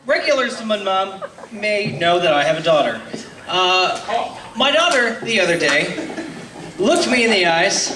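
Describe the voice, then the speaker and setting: A man in his twenties does a stand-up set on a comedy club stage, hesitant and self-deprecating with many ums, in a high-pitched, lively, unhurried voice. The mic is heard from a distance in roomy club sound with slight background noise and loud audience laughter.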